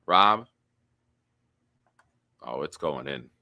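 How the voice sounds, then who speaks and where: A man with a low voice hosts a casual sports live stream. He has a bright, forceful tone and reads chat comments aloud in an animated way. The sound is dry and close. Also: extremely slow, dry recording.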